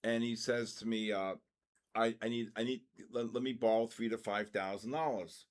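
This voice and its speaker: An older man hosting a live trading session, telling personal stories and calling market moves with loud excitement. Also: lowish voice, normal speed. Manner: storytelling, then loud excited market calls. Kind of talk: live trading stream chat and storytelling.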